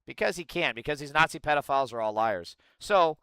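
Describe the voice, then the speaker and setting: A man's voice: fairly high pitch, animated, fairly quick, fairly bright tone, clean tone, dry recording. A man giving heated political commentary, blunt, profane and angry.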